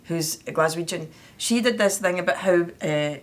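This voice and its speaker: A woman's voice: on the low side, normal speed. A Scottish woman hosting a casual chat, chatty and teasing. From Scotland. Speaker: host. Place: indoors, at home.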